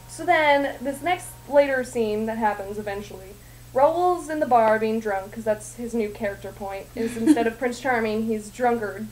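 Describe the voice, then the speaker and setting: A woman's voice: fairly high pitch, moderate pace, low-quality recording. A young woman casually and sarcastically recapping a story for her roommates, often laughing and rambling. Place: home at night.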